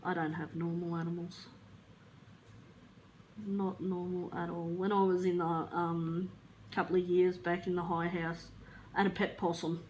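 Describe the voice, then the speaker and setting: A woman with an Australian accent, telling stories in a casual, rambling chat. She is chatty, laughs easily and swears in passing, and she sounds a little flat today. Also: fairly low pitch, measured pace, long pauses, dull audio, slight background noise. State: feeling flat. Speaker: vlogger.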